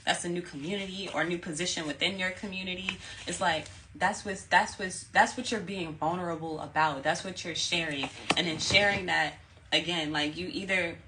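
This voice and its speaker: Low-voiced woman giving a tarot reading. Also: bright, forceful tone, slight background noise, poor audio. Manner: candid, repeats phrases, swears casually. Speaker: tarot reader.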